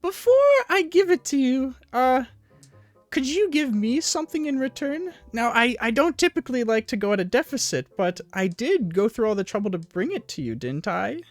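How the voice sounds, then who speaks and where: Fussy high-voiced wagon merchant, a woman doing the voice, prim and haggling. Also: sing-song, moderate pace, soft background music. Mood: wheedling. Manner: prim, haggling, overly polite.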